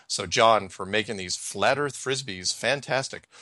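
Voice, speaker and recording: A man hosting a casual podcast chat, rambling and halting with lots of restarts. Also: on the low side, pushed and bright, dry recording, clean studio sound. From Washington state, United States. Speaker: podcast host.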